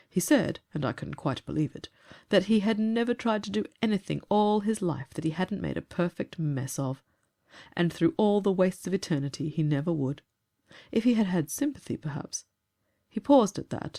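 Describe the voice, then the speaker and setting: A woman narrating a classic story at a measured pace, shifting into character voices. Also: fairly low pitch, warm tone.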